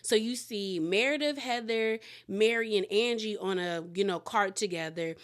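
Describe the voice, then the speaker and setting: A young adult woman casually recapping a reality show episode, chatty and animated, with lots of "like" as she retells scenes. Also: mid-range voice, moderate pace.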